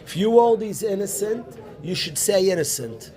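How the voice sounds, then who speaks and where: A man, a rabbi teaching a Talmud class, animated, calling on students by name and repeating his questions. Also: sits high, moderate pace. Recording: room noisy with student chatter.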